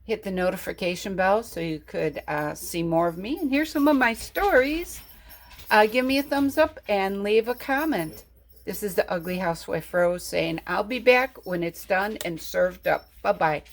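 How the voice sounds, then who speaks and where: A woman's voice: medium pitch, moderate pace. A woman home cook chatting casually about a stew and telling a story in a homey, rambling way. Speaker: cooking vlogger. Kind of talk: casual cooking chat and storytelling.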